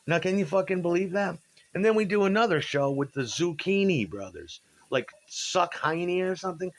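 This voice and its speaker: A man's voice: high-pitched, moderate pace. A man, a musician, telling rambling, profane stories about old gigs and acting out what people said. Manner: profane, rambling, animated when quoting people. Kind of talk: casual storytelling monologue.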